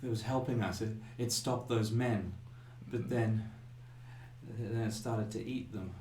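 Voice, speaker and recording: A man voicing a frightened young woman in shock, speaking in a hushed, halting, stammering way. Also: on the low side, fairly even intonation, reverberant, distant mic, a little hiss or hum, close to an everyday voice. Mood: shaken, fearful.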